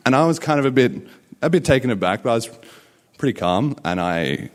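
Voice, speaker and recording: A man's voice: medium pitch, sing-song, a little fast, a little hiss or hum. A man hosting a conference on stage, telling a story to a live audience in a casual, upbeat way. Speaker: conference host and emcee.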